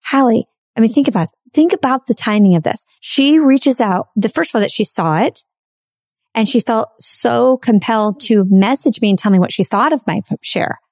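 A woman's voice: on the high side, animated, normal speed, a little mellow, no echo, studio quality. A woman podcast host in casual conversation, telling a heartfelt personal story in a chatty way, full of fillers.

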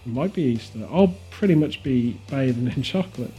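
A man's voice: medium pitch, lively intonation, a little fast, dark tone, faint music behind. A man hosting a podcast in a casual, jokey way with playful earnestness. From Britain. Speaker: podcast host. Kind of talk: casual comedic chat.

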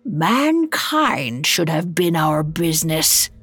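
A woman's voice: fairly low pitch, lively intonation, slow, creaky, dry recording, full character voice. A woman voicing the grim ghost of an old businessman bound in chains, speaking in grave, solemn warnings.

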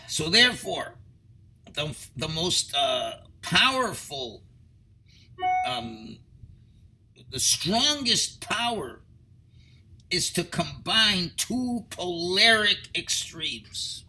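A man's voice: high-pitched, big pitch swings, slow pace, pushed and bright, slightly rough, poor audio. A man teaching a Torah lecture as a rabbi, explaining earnestly through stories and rhetorical questions.

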